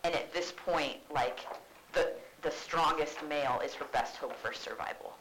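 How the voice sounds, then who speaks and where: A woman teaching a classroom lesson, her voice sitting a little low. She retells old lines in loose everyday speech. The room around her is echoey, with a faint hiss underneath. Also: normal speed, a bit bright. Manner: paraphrases lines in casual modern speech.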